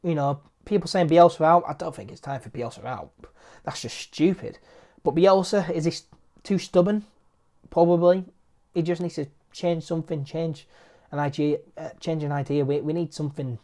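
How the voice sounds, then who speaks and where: A man's voice: on the high side, steady tone, normal speed, warm tone. A man hosting a football match review vlog, frustrated and repeating his points for emphasis. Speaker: football fan channel host.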